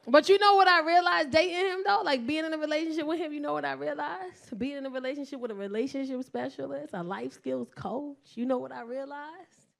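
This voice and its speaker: Loud, profane New York woman comic. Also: sits high, a little fast, vocal fry. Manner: loud, animated, swings to shouting; profane, slangy. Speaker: stand-up comedian. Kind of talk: stand-up routine.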